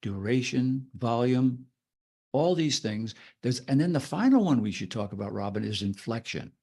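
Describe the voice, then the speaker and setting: A man co-hosting a podcast in a relaxed, talkative way. His voice sits at a middle pitch. He acts out his points as he explains them, stretching words, sinking to a whisper and shifting his inflection. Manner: demonstrative, acts out vocal tricks with drawn-out words and whispers. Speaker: podcast co-host. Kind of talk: casual podcast discussion.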